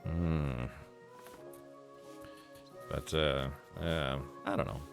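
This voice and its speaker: A man's voice: rumbling low, fairly even intonation, extremely slow, vocal fry. A man chatting casually while he streams a game, musing aloud with many fillers. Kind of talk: casual gameplay commentary. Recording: faint game music behind.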